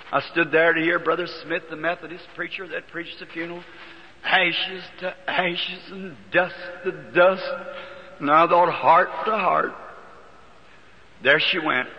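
A man preaching a personal testimony, emotional and pleading, his voice climbing as he prays. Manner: emotional, pleading, rises in pitch when praying. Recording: old muffled sermon tape in a hall.

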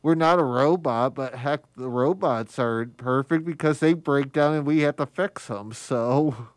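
A man hosting a radio interview, talking in a rambling, halting way with light jokes. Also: mid-range voice, dry recording. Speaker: radio host. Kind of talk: casual interview chat. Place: radio studio.

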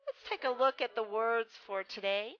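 A woman teaching a phonics lesson, reading words slowly and stressing each one for young readers. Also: on the high side. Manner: slow, careful, stresses each word. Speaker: reading tutor. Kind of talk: phonics lesson read aloud. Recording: dull lo-fi sound with faint music.

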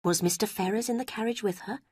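A woman's voice: medium pitch, quick pace, a little mellow, slightly rough, no room sound, studio quality, pitched above the performer's own voice, lightly acted. A woman voicing a caring, protective middle-aged mother with an emphatic, motherly tone.

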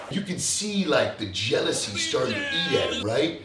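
A man's voice: medium pitch, sing-song, moderate pace, roomy sound, recorded from a distance, music in the background. A young man from Texas ranting profanely to viewers, mocking others in put-on voices. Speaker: fitness vlogger. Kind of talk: casual ranting monologue.

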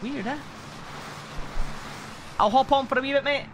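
A man's voice: extremely high pitch, measured pace, noisy background. A man streaming a video game live, chatting casually with viewers, rambling and swearing a lot. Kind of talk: casual live-stream chat while gaming.

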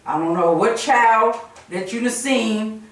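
A woman's voice: a little high, slow. A woman playing a mother who firmly scolds her son, repeating herself in a preachy way. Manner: firm, preachy, repeats phrases. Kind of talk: prank skit, casual scolding. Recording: echoey room from far off.

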